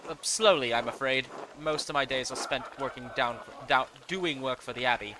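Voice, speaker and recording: A man reading the lines of a polite young man illustrator in a game, in a courteous, measured way. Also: medium pitch, background noise, close to an everyday voice.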